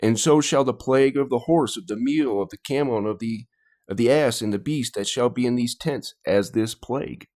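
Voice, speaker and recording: A man's voice: medium pitch, a little fast, a little mellow. Easygoing male reaction host. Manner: agreeable, easygoing. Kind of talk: casual reaction chat.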